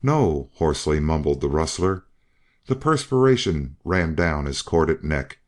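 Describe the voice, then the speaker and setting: A man's voice: very deep voice, lively intonation, unhurried. A man narrating a western novel as an audiobook reader. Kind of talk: scripted narration.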